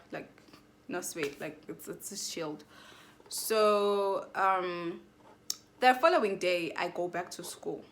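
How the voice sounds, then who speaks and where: A woman's voice: mid-range voice, slight background noise. Chatty young woman telling a storytime. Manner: chatty, rambling, slangy, lots of "like". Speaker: vlogger. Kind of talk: casual storytime.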